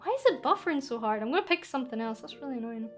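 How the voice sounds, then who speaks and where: A young Scottish woman hosts a casual Q&A stream as a VTuber, speaking in a high, lively, rapid-fire voice. She rambles from thought to thought with easy self-deprecation while soft music plays faintly underneath.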